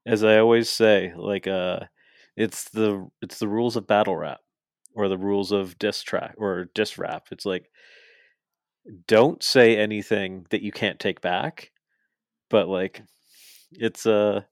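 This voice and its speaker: A man co-hosting a podcast, excitedly recapping wrestling in casual, profane chat and laughing as he goes. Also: lowish voice, a little slow, no echo, studio quality. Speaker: podcast co-host.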